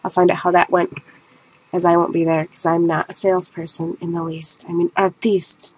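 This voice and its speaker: A woman's voice: on the low side, monotone, fairly quick, breathy edge, poor audio. A woman artist with a somewhat nasal voice, chatting in a rambling, self-mocking way over a video of her painting.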